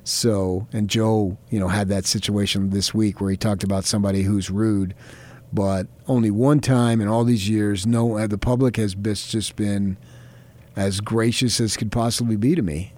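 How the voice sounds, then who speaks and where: A man's voice: on the low side, fairly even intonation, normal speed, a little mellow. A man co-hosting a sports talk show, telling stories in a rambling way with many fillers. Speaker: sports reporter and co-host. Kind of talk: casual chat.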